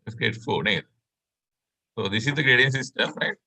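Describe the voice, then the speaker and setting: In an online medical class, a Sri Lankan lecturer explains concepts step by step, often confirming understanding with "right?". His mid-range voice is bright and forceful, and he keeps a moderate pace.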